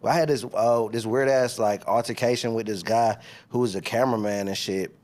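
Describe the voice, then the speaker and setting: Profane laid-back rapper. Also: male voice, on the low side, steady tone, a little fast, darkish tone. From Decatur, Georgia, US. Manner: loose, profane, slangy storytelling. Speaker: rapper guest. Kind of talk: casual interview chat.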